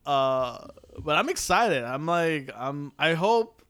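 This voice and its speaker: A young man talking in a loose, casual chat, his voice sitting a little high for a man. He is animated and laughs easily, slipping into quick impressions of film lines as he talks. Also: clear, resonant tone. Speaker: podcast co-host.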